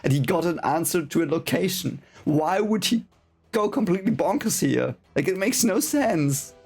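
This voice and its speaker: A man's voice: high voice, expressive, moderate pace, vocal fry, a little mellow, husky, soft background music. A man reading a fantasy novel aloud for the first time and ranting in frustration, apologizing and repeating himself as he vents. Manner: frustrated, swearing, apologetic rants with repeated phrases. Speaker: book reaction reader.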